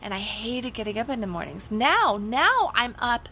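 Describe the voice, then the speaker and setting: A woman's voice: a little high, very animated, normal speed, pushed and bright, slight background noise, rough recording. A woman life coach giving a blunt, casual motivational talk, swearing freely and asking rhetorical questions.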